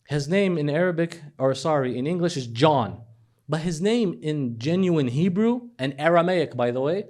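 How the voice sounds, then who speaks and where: A man preaching a lively sermon, retelling stories with acted dialogue and swinging from hushed lows to animated highs. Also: normal speed. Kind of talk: religious sermon.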